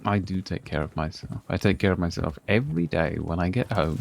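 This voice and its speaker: A man playing a medic in a roleplay game, talking in a gentle, soothing, caring way. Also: low voice, expressive, a little fast, creaky, hardly any pauses, a little hiss or hum. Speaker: roleplay medic and counselor-in-training. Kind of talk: calm in-character conversation.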